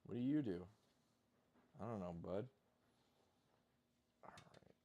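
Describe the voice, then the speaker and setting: A man's voice: fairly low pitch, expressive, slow, warm tone, lo-fi sound, a little hiss or hum. A man chatting casually while cooking at home, rambling and self-deprecating, swearing now and then. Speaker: home cook vlogger. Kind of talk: casual kitchen chat.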